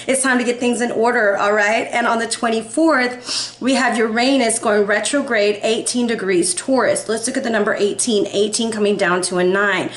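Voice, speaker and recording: A woman's voice: a little high, moderate pace, fairly bright tone, reverberant. Upbeat chatty woman in her forties. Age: 40s. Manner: upbeat, chatty, frequent "okay?" and "guys". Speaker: tarot reader. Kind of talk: casual tarot reading.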